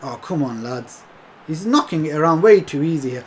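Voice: medium pitch, animated, moderate pace, a little mellow, slight background noise. A gaming commentator talking through a football video game match, exasperated and swearing often, calling the viewers lads. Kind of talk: live gameplay commentary.

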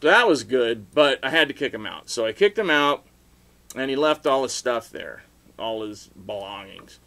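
A middle-aged man rambling through a story for his video blog, with sudden loud outbursts and laughter along the way. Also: medium pitch, animated, normal speed. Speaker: vlogger telling stories.

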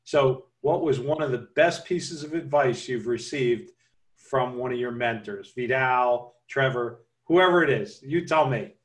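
A man's voice: mid-range voice, measured pace, recorded from a distance. A man hosting an interview, eagerly reacting to stories and asking his guest questions. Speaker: podcast host. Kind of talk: casual interview chat.

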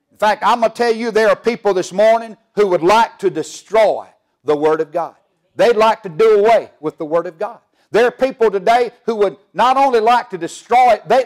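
Fiery preacher, high voice. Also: male voice. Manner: preaching with swelling emphasis and call-and-response questions. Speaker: pastor. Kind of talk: fiery Southern Baptist sermon. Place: church sanctuary.

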